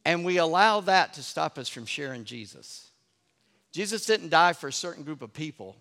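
A man from Charleston preaching a sermon as pastor, telling stories with animated energy and dropping to a hush for effect. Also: fairly high pitch, moderate pace, creaky. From Charleston, South Carolina. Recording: long hall reverb.

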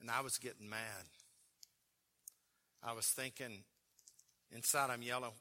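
A pastor delivers a storytelling sermon in a sharp, very forceful voice. He talks earnestly and with emotion, often stumbling over and repeating his words. It sounds like he is speaking from the pulpit of a church. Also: medium pitch, fairly even intonation, unhurried, pauses often. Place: church sanctuary.

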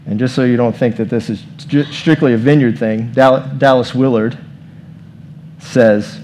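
Pastor, man, mid-pitched, casual sermon delivery, light background hiss. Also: steady tone, unhurried, darkish tone. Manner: informal, leads the room in prayer. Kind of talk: conversational sermon.

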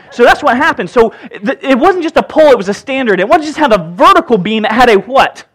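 A man preaching a sermon as pastor, reading scripture and joking with the congregation in a lively, playful way. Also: very high voice, fast talker, hardly any pauses.

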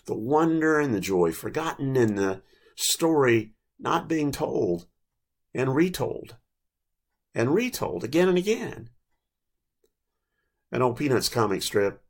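An older man in his late sixties preaching a reflective sermon, telling stories gently with small restarts. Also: mid-range voice, vocal fry. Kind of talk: sermon with storytelling.

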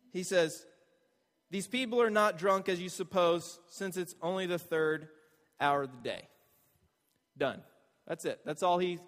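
A man preaching a conversational sermon, animated and asking the listeners rhetorical questions. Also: sits high, long reverb tail. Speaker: pastor.

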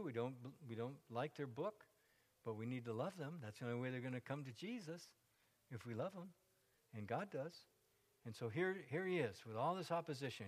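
A man in his sixties preaching a sermon, animated, acting out quotes and little scenes in changing voices. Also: mid-range voice. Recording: long hall reverb.

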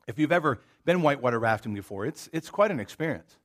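Folksy pastor preaching. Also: male voice, medium pitch, lively intonation, fast. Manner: folksy and conversational, with many restarts and asides. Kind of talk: sermon. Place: church sanctuary.

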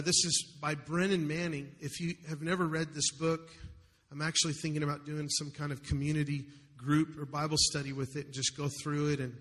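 A man delivers a sermon with passionate, emphatic preaching. His voice is bright and a little raised in pitch. It rings with the long reverb of a large hall. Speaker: pastor. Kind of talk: sermon with read-aloud story.

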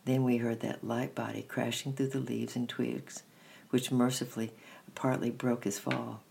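A man reading a children's story aloud in a steady, measured first-person narration. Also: mid-range voice, creaky, a little hiss or hum.

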